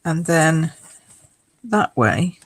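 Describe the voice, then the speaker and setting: A woman hosting a live card-making demonstration, chatty and explaining each step as she goes, with a croaky voice. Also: sits low, animated, extremely slow, low-quality recording.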